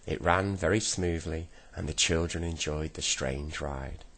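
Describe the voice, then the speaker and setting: A man with a very deep, husky voice reads a children's story aloud at an unhurried pace. His delivery stays gentle and measured. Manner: slow, gentle storybook reading with voiced characters. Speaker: reader. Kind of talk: reading a children's book aloud.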